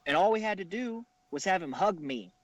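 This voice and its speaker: A man from Kansas, a wrestler guest, telling relaxed anecdotes in casual chat. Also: sits high, fairly quick, dry recording. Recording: faint background noise.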